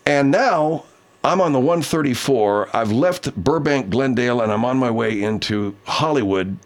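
A man's voice: medium pitch, lively intonation, normal speed. A man hosting a casual talk show, telling a rambling, profane story with many restarts. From Southern California. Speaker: show host.

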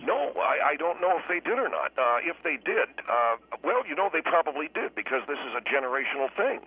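A man on the phone as a guest author on a call-in radio show, rambling and halting, with many fillers and restarts. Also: fairly high pitch, very animated, husky. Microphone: telephone. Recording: muffled phone line with faint hiss.

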